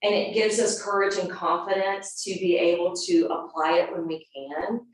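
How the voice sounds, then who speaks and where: A woman yoga teacher telling a personal story in an earnest, animated way, then leading a class into a seated stretch. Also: fairly low pitch, moderate pace. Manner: earnest and animated, acting out quotes. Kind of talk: storytelling and guided yoga instruction. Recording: very echoey room, voice from a distance.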